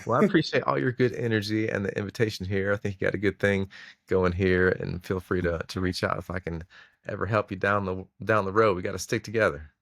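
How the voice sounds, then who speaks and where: A man's voice: deep voice, fairly even intonation, fast, vocal fry, a bit bright, dry recording, studio quality. A man, a guest musician, talking in a laid-back, easygoing way. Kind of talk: relaxed interview conversation.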